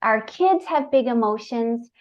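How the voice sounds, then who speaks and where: A woman hosts a podcast interview at an unhurried, slow pace, her voice set a little high. She keeps it casual and affirming and laughs easily. The recording sounds dull and lo-fi. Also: expressive. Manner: warm, affirming, laughs often. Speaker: podcast host.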